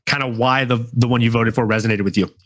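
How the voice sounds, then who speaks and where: A man's voice: medium pitch, steady tone, a bit bright. A man co-hosting a fan awards show, chatting casually with lots of fillers. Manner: laid-back, filler-heavy, drawn-out phrasing. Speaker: podcast co-host. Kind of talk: casual chat.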